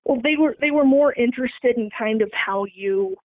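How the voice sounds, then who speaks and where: Eager female caller, a bit high, heard through a phone line. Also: moderate pace. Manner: eager, stammers a little. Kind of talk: casual phone call.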